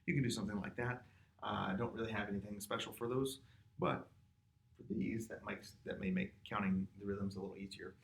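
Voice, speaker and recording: A man's voice: lowish voice, steady tone, a little fast, creaky. A man teaching a music lesson, patiently explaining rhythm and counting beats and chanted words aloud. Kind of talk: classroom lesson. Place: classroom or studio with a board. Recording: echoey room.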